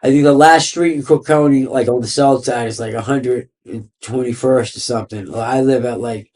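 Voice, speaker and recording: A man's voice: medium pitch, steady tone, normal speed, a little mellow. A man, a podcast guest telling his story in a rambling, profane way, full of "like" and "you know.". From Boston area. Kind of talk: casual interview storytelling.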